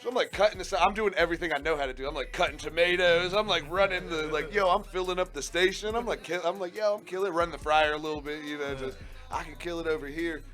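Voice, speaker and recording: A man hosting a radio show, telling a rowdy story in casual chat, animated and profane, often laughing. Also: on the high side, fast, faint music behind.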